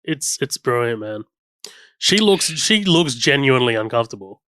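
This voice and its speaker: Smooth-voiced man gushing about a film. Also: mid-range voice, sing-song, moderate pace, fairly bright tone, no echo. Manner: enthusiastic, recounts scenes and hums the score. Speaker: podcast co-host. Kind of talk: casual film commentary chat.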